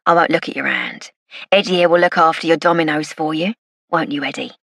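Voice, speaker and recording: A man's voice: a little high, fairly quick, vocal fry, fairly bright tone, no echo, clean studio sound. A woman voicing a sly, leering male informant from London's East End in an audiobook, with a cocky, wheedling manner. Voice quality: cackling laugh, wheedling banter. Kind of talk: audiobook character voice.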